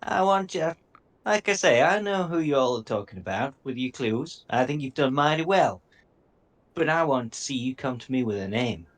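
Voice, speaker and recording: A man's voice: medium pitch, animated, normal speed. A man narrating a tabletop game as game master, casual and easygoing.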